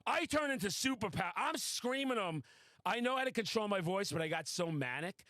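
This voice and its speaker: A high-pitched man hosting a podcast tells stories in a brisk, excitable, boastful rush, swearing freely as he chats casually. His voice is recorded dry and close, with no room sound.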